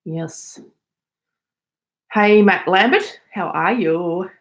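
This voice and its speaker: A woman's voice: lowish voice, drawn-out words. Aussie woman chatting on a live stream from home, reading out comments. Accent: Australian. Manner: chatty, reads out viewer messages. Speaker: podcast host. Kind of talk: casual live chat.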